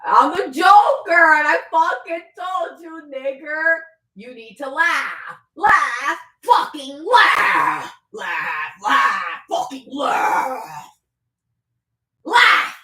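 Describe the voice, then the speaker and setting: Woman doing a manic male clown villain, shrieking, yelling, wildly swooping pitch. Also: sing-song, extremely slow, roomy sound, distant mic, full character voice. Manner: shrill, yelling, cackling.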